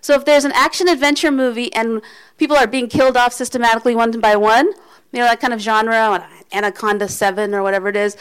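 Fairly high, a bit bright and smooth, this American woman's voice carries a candid talk to an audience, conversational and sprinkled with restarts and asides. The audio is poor.

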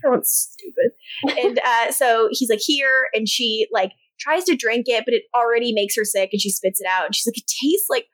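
A woman co-host recaps a TV episode in casual chat, tossing off quick quotes of characters between laughs and curses. Her voice sits fairly high and sounds dry and close, with no room around it. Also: fairly bright tone, dry recording. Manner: swearing, laughing, quoting characters in quick bits. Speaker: podcast co-host.

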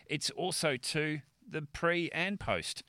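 A man's voice: fairly high pitch, slow, bright, forceful tone, no echo, studio quality. A man co-hosting a casual podcast interview, jokey and enthusiastic. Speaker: podcast co-host.

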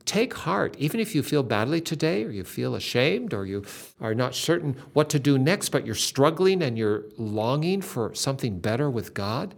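An older man telling a faith story in an earnest, dramatic way, with lively shifts in emphasis. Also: mid-range voice, normal speed, vocal fry, few pauses.

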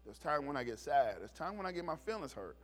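Male pastor, middle-aged, sermon, bright voice, lively storytelling. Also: on the high side, quick pace. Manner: animated storytelling, acts out voices.

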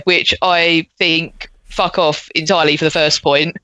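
A woman's voice: low voice, steady tone, moderate pace, hardly any pauses, bright, forceful tone, no room sound, low-quality recording. A woman co-hosting a casual podcast, blunt and sardonic, swearing freely. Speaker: podcast co-host. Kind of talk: casual chat.

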